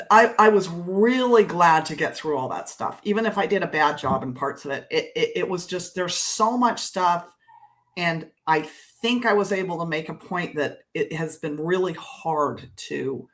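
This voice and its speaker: A woman's voice: lowish voice, animated, measured pace, a bit bright. A woman co-hosting a podcast, chatting casually in a rambling, self-deprecating way. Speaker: podcast co-host.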